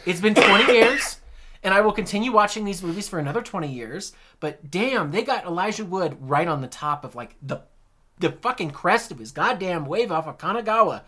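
A man's voice: high-pitched, brisk. Casual swearing male podcast co-host. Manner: animated, joking, swears freely. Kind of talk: casual chat.

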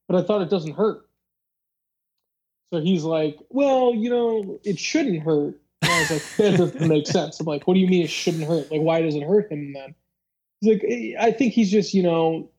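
Mellow-voiced podcast host, rambling and casual. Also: mid-range voice, poor audio. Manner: rambling, filler-heavy, acts out dialogue. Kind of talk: casual storytelling chat.

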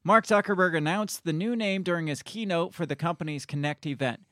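A man with a high-ish, fairly bright voice speaks a little quickly in echo-free, studio-quality audio. Co-hosting a casual talk stream, he reads news aloud with his own blunt take, laughing and swearing frequently.

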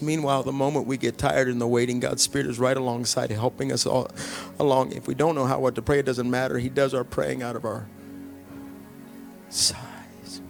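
A middle-aged male pastor preaching a conversational sermon, joking and dropping to hushed, sighing asides. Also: medium pitch, gravelly. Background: soft music.

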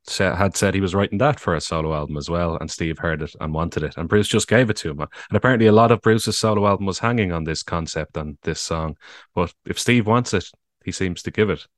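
A man's voice: sits low, fairly quick, no echo, clean studio sound. A man in casual podcast chat who muses and asks questions. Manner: questioning, musing.

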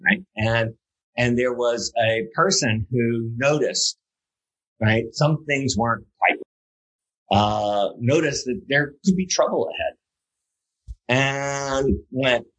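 A man's voice: medium pitch, a bit bright, slightly rough, rough recording. A man speaking as an interview guest, telling a story in a loose conversational way, full of fillers and restarts, then building to emphatic points. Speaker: guest speaker on safety culture.

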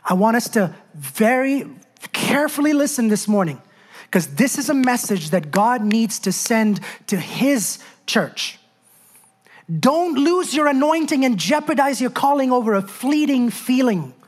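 A woman preaches a sermon in a lively, conversational way, keeping her listeners close with rhetorical questions. Her voice sits a little high, and she presses her points with emphasis. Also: a little slow.

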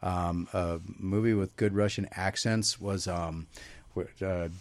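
A male radio host interviews his guests in a jokey manner and laughs easily. His voice is fairly low. The studio sound is dry and close. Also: steady tone, a little slow, a little mellow, no room sound. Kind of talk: casual interview.

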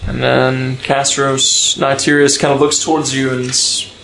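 A man's voice: mid-range voice, little pitch movement, a little slow, creaky, roomy sound, heavy background noise. A man acting as game master, narrating a tabletop game in a loose, descriptive way with restarts.

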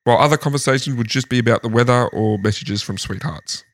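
A man's voice: mid-range voice, quick pace. A man host casually telling a history story in a lounge room, laughing often. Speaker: podcast host.

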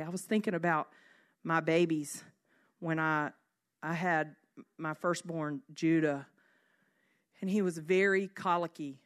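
A woman giving a devotional teaching in an earnest way, reading scripture slowly and at times dropping to a soft hush. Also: low-pitched, steady tone. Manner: earnest, slows down to read scripture. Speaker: speaker.

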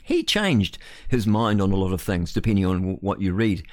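A man's voice: low voice, sing-song, normal speed, darkish tone, dry recording, studio quality. A man with a New Zealand accent hosting radio talk, preaching in a rambling, earnest way with many restarts. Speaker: radio host.

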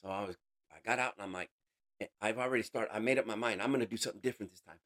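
A man giving an emotional personal testimony in an interview, earnest, calling the listener bro, voice rising high and dropping to a hush. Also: very fast. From United States. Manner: swings between raised intensity and hushed quiet. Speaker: interview guest.

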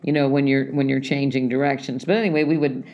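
A man casually telling a story about a race, rambling and halting, often restarting his sentences. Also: medium pitch, steady tone, lo-fi sound. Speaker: runner recounting a race.

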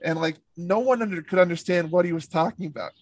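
A man's voice: high-pitched, fast, dry recording. A man telling rambling stories in casual chat, full of filler words and swearing. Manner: rambling storyteller, heavy on "like" and swearing. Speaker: former camp counselor telling stories.

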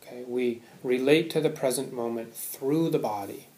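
A man's voice: medium pitch, moderate pace, darkish tone, echoey room. A man giving a Buddhist Dharma talk to a live audience, conversational, often checking in with "right?". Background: audience laughter.

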